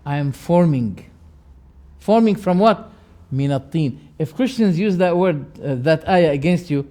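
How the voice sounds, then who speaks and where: A man with a high-pitched voice delivers a classroom lecture on creed. He is emphatic, swinging between loud rising phrases and quiet, dropped endings. He repeats key words to drive each point home. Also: measured pace, pauses often. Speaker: religious teacher.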